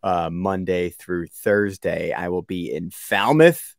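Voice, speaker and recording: A man's voice: fairly low pitch, fairly even intonation, unhurried, gravelly, hardly any pauses, dry recording, clean studio sound. A man from the Boston area co-hosting a sports podcast, laid-back and rambling with lots of fillers. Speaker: podcast co-host. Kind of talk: casual sports podcast chat.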